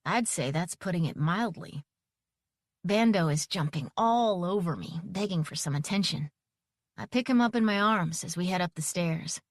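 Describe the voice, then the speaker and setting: A woman narrating a first-person audiobook, expressive and giving each character a voice. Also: fairly low pitch, normal speed, no room sound, studio quality.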